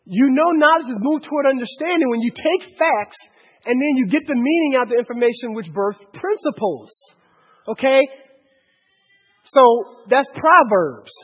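High-voiced preacher, husky, in an echoing hall. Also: male voice, expressive, normal speed. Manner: impassioned, swinging from loud urgent questions to hushed lows. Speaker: pastor. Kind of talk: sermon. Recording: dull recording in a large echoing hall.

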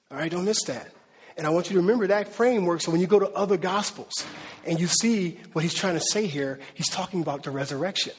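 A man preaching to his congregation, loose and conversational, tossing in slang as he walks through the scripture. His voice sits high and a little husky. The sound rings with the long reverb of a large hall. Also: fast talker. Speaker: pastor. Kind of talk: sermon.

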